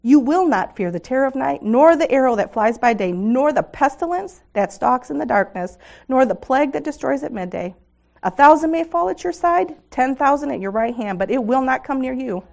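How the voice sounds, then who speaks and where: At a women's gathering, a middle-aged woman reads scripture aloud in an earnest, devotional way, laughing with those present. Her high voice is gravelly yet a little mellow, with lively intonation and a normal speed.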